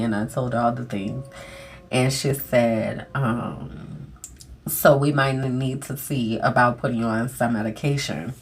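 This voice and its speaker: Very low-voiced woman telling a story. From United States. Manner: candid, conversational, uses many fillers like "um" and "like". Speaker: podcast host. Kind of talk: personal storytelling. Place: small closet.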